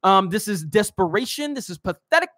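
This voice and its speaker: A man's voice: high-pitched, expressive, a little fast, fairly bright tone, no echo, studio quality. A man hosting a live stream, reading chat comments aloud and ranting heatedly, swearing at trolls. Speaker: host of a live-stream show.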